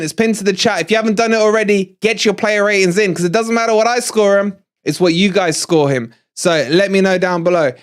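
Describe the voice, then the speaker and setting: Chatting with viewers during a live fan-channel match review, a middle-aged English host comes across as excitable, gloating and winded. His voice sits high.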